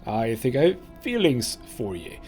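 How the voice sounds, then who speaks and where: A man's voice: mid-range voice, huge pitch swings, moderate pace, a little mellow, faint music behind. A man voicing a prickly young woman thief who talks bluntly and tags sentences with "it does". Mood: earnest.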